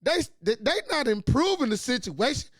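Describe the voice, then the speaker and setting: A man in his late forties hosts his own talk show, launching into an angry, profane, preachy monologue. His voice is very high and very animated at a moderate pace, a bit bright, captured in studio quality with no room sound.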